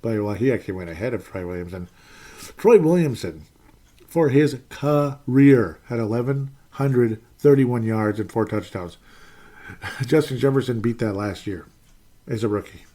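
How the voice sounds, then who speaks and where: A man's voice: mid-range voice, moderate pace, warm tone. A man in his forties, maybe, hosting a casual live sports show, rambling, self-deprecating and exasperated as he reads chat comments. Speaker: podcast host reading chat comments.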